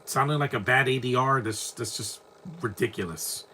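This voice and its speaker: A man's voice: mid-range voice, normal speed, bright, forceful tone, slight background noise. A man giving casual live movie commentary at home, rambling with frequent restarts and self-corrections. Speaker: film commentator.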